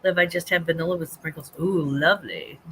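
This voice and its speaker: Reading viewer comments on her home live stream, a middle-aged woman chats casually, laughs a lot, and often restarts her sentences. She speaks briskly in a lowish, bright, lively voice over a faint hiss of room noise.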